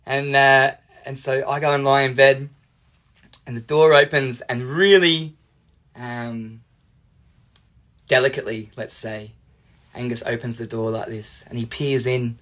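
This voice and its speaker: A young Australian man, a life coach, telling a playful childhood story in an animated way. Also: medium pitch, a little slow, pauses often. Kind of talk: storytelling monologue.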